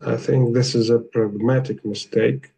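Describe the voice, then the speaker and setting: A man's voice: mid-range voice, fairly even intonation, unhurried, gravelly, a crowd in the background, poor audio. A man, a trainee answering the trainer's questions in an online class, hesitant at times.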